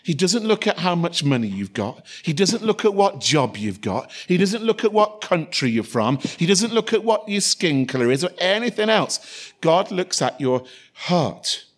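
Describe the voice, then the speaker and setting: A man's voice: high-pitched, sing-song, normal speed. A man preaching a sermon, informal with joking asides and repeated phrases.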